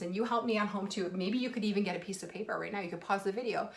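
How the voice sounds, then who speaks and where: A woman kindergarten teacher giving a video lesson for young children, stretching out words slowly as she sounds them out. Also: medium pitch, big pitch swings. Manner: slow, drawn-out sounding out of words, warm encouraging. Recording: echoey room.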